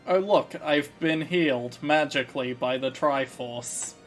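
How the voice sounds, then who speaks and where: A man's voice: medium pitch, measured pace, soft background music. A man casually commentating his video game playthrough, musing through his moves with a slight frog in his throat. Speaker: let's play host.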